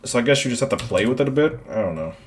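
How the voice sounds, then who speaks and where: A man streaming his art, chatting casually and thinking out loud with lots of fillers as he draws. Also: medium pitch, animated, racing, a little hiss or hum. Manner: rambling, thinks aloud with many "like"s. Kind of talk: casual commentary while drawing.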